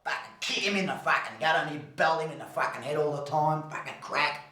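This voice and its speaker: A man's voice: on the high side, animated, a little fast, sharp tone, reverberant, low-quality recording. An Australian man telling a crude, swearing yarn with acted-out voices. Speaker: storyteller.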